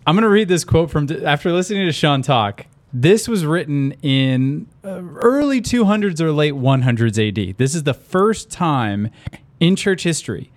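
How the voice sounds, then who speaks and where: Male co-host, slightly high voice, easygoing, reads an old quote and riffs on it. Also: very animated, moderate pace. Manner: casual and conversational, reads a historical quote and comments. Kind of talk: Bible study discussion.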